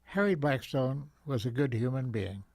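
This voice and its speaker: Older man telling a gentle story. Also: mid-range voice, expressive, creaky, no room sound, clean studio sound. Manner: gentle, reflective, halting with repeats. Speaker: guest.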